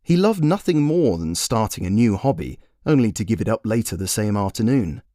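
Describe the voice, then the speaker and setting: A man's voice: fairly low pitch, sing-song, fairly quick, warm tone, no room sound, clean studio sound. A man narrating a fairy tale he wrote, in a wry, playful storytelling manner. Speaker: storyteller and author.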